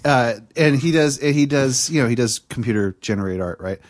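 A man's voice: mid-range voice, expressive, normal speed. A man co-hosting a podcast, chatting casually in a rambling, profane, self-deprecating way. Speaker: podcast co-host. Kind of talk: casual chat.

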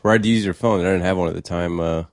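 A man's voice: low voice, steady tone, rapid-fire, dry recording, studio quality. A man co-hosting a podcast, talking casually in a hesitant way with many fillers. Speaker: podcast co-host. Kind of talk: casual chat.

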